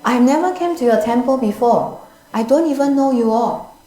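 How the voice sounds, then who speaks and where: A woman's voice: mid-range voice, animated, unhurried, darkish tone, reverberant, lightly acted, poor audio. A woman voicing a rich male householder in a story within her Buddhist talk, speaking eagerly. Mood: startled. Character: rich male householder, startled then generous.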